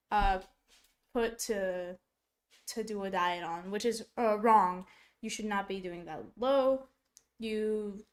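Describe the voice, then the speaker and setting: A woman streaming casual reaction commentary, talking bluntly and chattily with lots of fillers. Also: a little high. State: coughing, choking on popcorn. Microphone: streaming setup.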